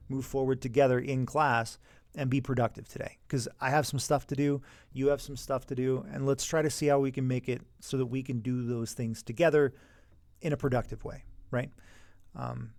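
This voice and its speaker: A man teaching classroom management in a conversational way, sometimes acting out calm talks with students. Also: medium pitch, no room sound. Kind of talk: instructional talk on classroom management.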